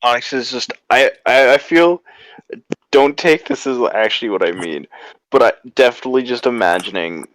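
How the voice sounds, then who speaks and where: A man chatting as a player in a tabletop game, halting and stammering. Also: mid-range voice, a bit bright, a little hiss or hum, rough recording. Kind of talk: tabletop role-play chat.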